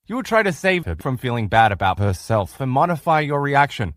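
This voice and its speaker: A man's voice: medium pitch, very animated, a little fast, no echo, clean studio sound. A middle-aged man teaching a recorded relationship-coaching lesson in an earnest, coaching manner. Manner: earnest, coaching, acts out quoted replies in changed voices.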